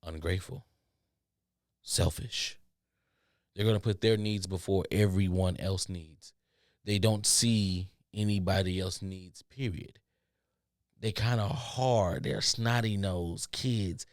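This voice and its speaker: A man's voice: sits low, steady tone, slow, no echo, studio quality. A man hosting a podcast, ranting in an exasperated, sarcastic monologue. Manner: exasperated, sarcastic, does mocking voices of others. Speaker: podcast host.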